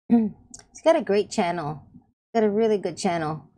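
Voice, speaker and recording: A woman's voice: mid-range voice, unhurried, dark tone. A woman YouTuber chatting casually about online friends, laughing often and rambling with restarts. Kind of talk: casual rambling chat to camera.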